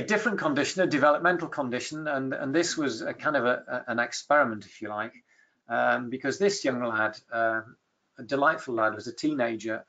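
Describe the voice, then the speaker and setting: A man's voice: mid-range voice, a bit bright. A man giving a webinar lecture, telling clinical case stories in a conversational way with many fillers and restarts.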